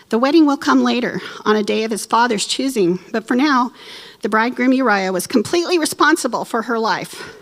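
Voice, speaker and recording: A woman teaching a church Bible lesson, expressive and emotional, with playful asides. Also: a little high.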